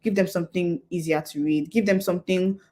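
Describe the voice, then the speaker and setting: A woman's voice: lowish voice, steady tone, fairly quick, dark tone. A young adult woman speaking at a conference, explaining step by step in an earnest, practical way. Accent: non-Nigerian English accent. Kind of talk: talk to an audience.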